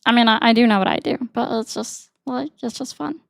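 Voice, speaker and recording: A woman's voice: fairly high pitch, fairly quick, vocal fry. A woman from the American South, casually talking to her live-stream chat and defensively explaining herself. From Southern United States. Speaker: livestreamer answering chat.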